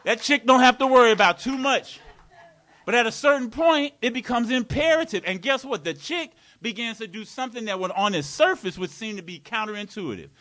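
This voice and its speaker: A man's voice: very high voice, lively intonation, fairly quick, bright, forceful tone. A man preaching a live sermon in a community worship hall, playful and laughing, with call-and-response.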